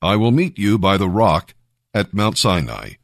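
A man reading the words of the Lord in a Bible story, slow and solemn. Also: low-pitched, sing-song, gravelly, dry recording, clean studio sound, full character voice. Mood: commanding. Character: the Lord, solemn commanding divine voice.

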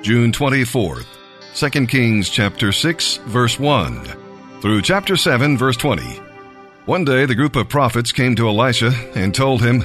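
A man reading scripture aloud in a slow, deliberate, measured way. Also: medium pitch, sing-song, fairly bright tone, faint music behind. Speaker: Bible reader.

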